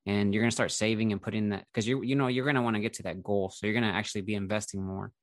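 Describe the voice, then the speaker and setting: A man with a low voice talks in an easygoing, chatty way, leaning on filler words. He is recorded close and dry, with no room sound around him. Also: fairly even intonation, very fast, no echo. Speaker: investing YouTuber. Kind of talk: casual conversation between creators.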